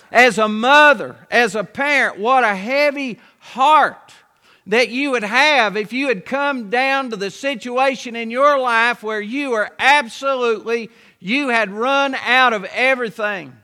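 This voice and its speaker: A man's voice: extremely high pitch, bright, forceful tone, smooth. A man preaching a sermon as pastor, telling a Bible story in a folksy way with many rhetorical questions, in a church. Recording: long hall reverb.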